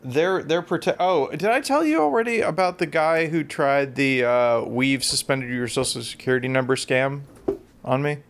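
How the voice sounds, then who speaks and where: Man, podcast co-host, casual chat, rambling storyteller, self-deprecating, mid-pitched voice. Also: moderate pace, fairly bright tone, a little hiss or hum.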